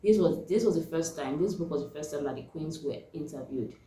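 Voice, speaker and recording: A woman's voice: low-pitched, a little fast, slight background noise. A young woman, chatting casually and animatedly as she reviews a book on her vlog. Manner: chatty and animated, laughs often. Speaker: book vlogger. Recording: echoey room.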